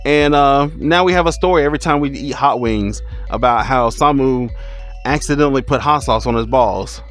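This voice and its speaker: A man telling a funny storytime as a streamer, animated, laughing and exclaiming as he goes. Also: mid-range voice, moderate pace, faint music behind. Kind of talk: storytime vlog.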